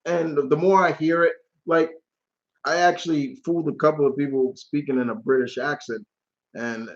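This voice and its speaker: A man's voice: fairly high pitch, steady tone, normal speed, muffled recording. Rambling, casual man hosting a live stream. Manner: rambling, casual, swears freely. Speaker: channel host.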